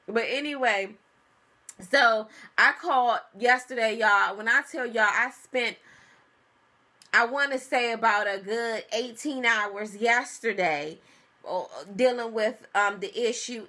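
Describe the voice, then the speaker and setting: A young adult woman telling viewers a story in a casual, animated vlog, calling them y'all. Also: fairly high pitch. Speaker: vlogger. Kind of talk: casual pregnancy update vlog.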